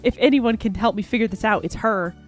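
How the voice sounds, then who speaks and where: A woman's voice: a little high, a little fast, faint music behind, close to an everyday voice. A woman voicing an earnest, puzzled young male lawyer from a video game, reading his lines in her own voice.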